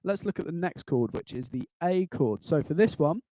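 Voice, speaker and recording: A man's voice: a little high, lively intonation, normal speed, mellow, dry recording. Encouraging male guitar teacher, dry close voice. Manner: encouraging, patient, counts students in; chants rhythm syllables in time. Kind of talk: live online guitar lesson. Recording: guitar playing behind voice. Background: acoustic guitar.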